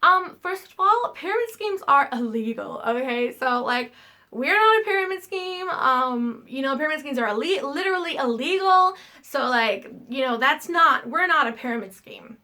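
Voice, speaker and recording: A woman's voice: expressive, moderate pace, sharp tone. A woman mocking a defensive MLM recruiter in a fake American accent. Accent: put-on American. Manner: valley-girl fillers, defensive, high-pitched. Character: pushy young female MLM recruiter, defensive.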